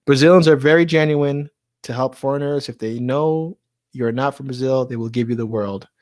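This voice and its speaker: A man's voice: medium pitch, normal speed, a little mellow. A man hosting a live stream in a casual, chatty way, laughing often and repeating words as he talks.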